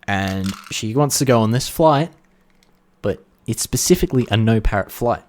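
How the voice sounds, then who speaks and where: A man co-hosting a podcast, telling jokes in casual chat, animated and swearing. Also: on the low side, moderate pace. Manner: animated storyteller, swearing, laughs at his own jokes. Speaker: podcast co-host.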